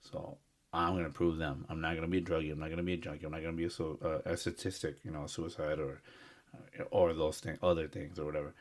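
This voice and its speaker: A man with a very low, deep voice talks casually as a podcast co-host. He speaks earnestly and from the heart, rambling along with plenty of fillers and restarts. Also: flat delivery, quick pace. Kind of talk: casual chat.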